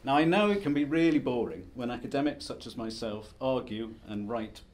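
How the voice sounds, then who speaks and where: A man's voice: mid-range voice, expressive, a little fast, a little mellow. A man giving a conference presentation as an academic, lecturing in a wry, self-deprecating, conversational way. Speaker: academic speaker.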